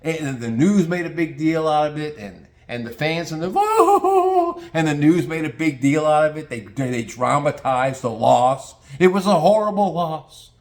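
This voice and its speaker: A man's voice: a little high, moderate pace, few pauses, a little mellow. An older retired man ranting crudely and mockingly in a casual monologue, telling stories and slipping into put-on voices. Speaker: vlogger. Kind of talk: casual rant.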